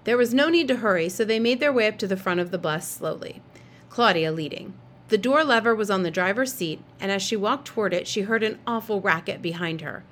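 A woman's voice: medium pitch, a little fast, fairly bright tone. Woman reading a storybook aloud. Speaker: narrator.

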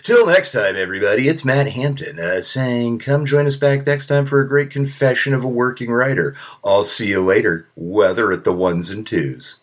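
A man putting on the voice of a cheesy, upbeat male radio DJ with a booming, showy announcer delivery. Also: normal speed, hardly any pauses, lightly acted. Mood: hammy.

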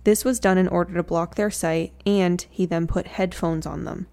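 A woman's voice: on the low side, steady tone, moderate pace, creaky, dark tone. A woman telling a true crime story in a casual, chatty way, with slangy joking asides.

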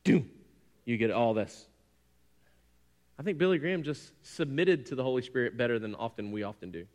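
A male pastor preaching a sermon in an animated, self-deprecating way, often acting out stories. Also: mid-range voice, long reverb tail.

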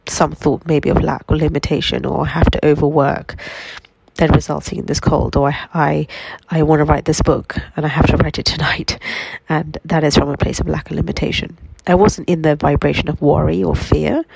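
A woman with a cold and a nasal voice, giving a slow, reflective spiritual self-help talk from her bed at home. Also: deep voice, gravelly, slightly rough, dry recording, poor audio. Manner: slow, reflective, gently affirming. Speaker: healing coach.

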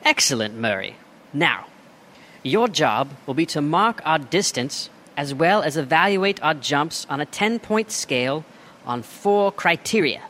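Man doing British chimp gent, high and bouncy, unhurried storybook voice. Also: sing-song, fairly bright tone, a little hiss or hum. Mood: courteous. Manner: courteous, formal and precise. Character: polite formal male chimpanzee leader.

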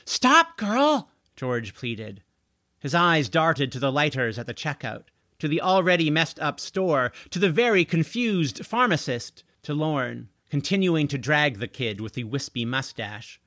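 Male audiobook narrator, animated and bright, dry close sound. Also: a little high, a little slow, no room sound. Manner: expressive, animated reading. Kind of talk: scripted story narration.

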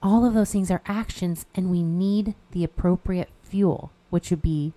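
A woman's voice: fairly low pitch, a little slow, dark tone. A woman hosting a podcast as a life coach, talking casually with a stuffy nose, chatty and encouraging. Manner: chatty and encouraging, with frequent "you know" fillers.

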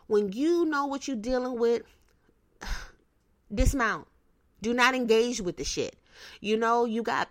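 A woman's voice: on the high side, no echo. Woman, podcast host, blunt and streetwise, swears freely, dry close sound. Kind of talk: casual advice talk.

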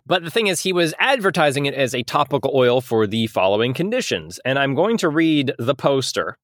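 A man's voice: mid-range voice, sing-song, fairly quick, a bit bright, dry recording, studio quality. A man co-hosting a comedy podcast in casual chat, laughing often and joking as he explains. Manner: laughs often, jokey, puts on voices when reading quotes. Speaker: podcast co-host.

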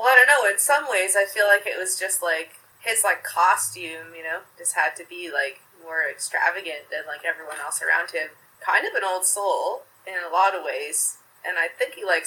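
Young woman, vivid bright tone, loose rambling storyteller with lots of fillers. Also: on the low side, low-quality recording. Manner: chatty, laughs often, many filler "like"s. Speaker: interview guest. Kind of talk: casual remembrance interview.

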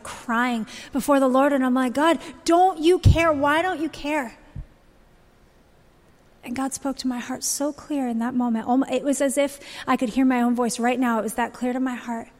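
A woman's voice: on the high side, a little mellow. A woman in her thirties sharing a heartfelt personal testimony to a church audience. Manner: earnest, heartfelt storytelling. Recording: long reverb of a large hall.

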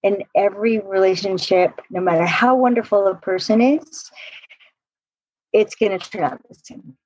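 A woman relationship coach telling stories in an animated way, laughing often and acting out quotes in a podcast conversation. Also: mid-range voice, normal speed, breathy edge, no echo, muffled recording.

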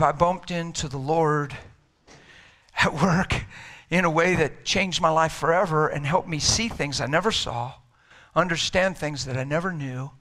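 Middle-aged male preacher, high and bright voice, ramped-up conversational sermon delivery. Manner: energetic, emphatic, conversational preaching.

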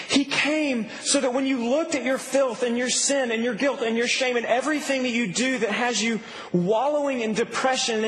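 A man's voice: extremely high pitch, a bit bright. A man preaching a sermon as pastor, earnest and building to emphatic peaks. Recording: reverberant hall with faint noise.

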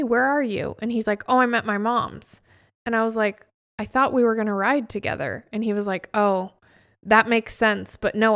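A woman's voice: medium pitch, a bit bright. A young adult woman co-hosting a casual podcast, telling stories and acting out what people said. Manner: storytelling, acts out quoted dialogue. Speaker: podcast co-host.

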